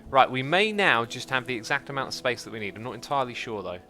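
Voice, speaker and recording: A man hosting a live gameplay stream, chatty and excitable, thinking aloud and reading out chat messages. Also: mid-range voice, quick pace. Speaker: livestream host.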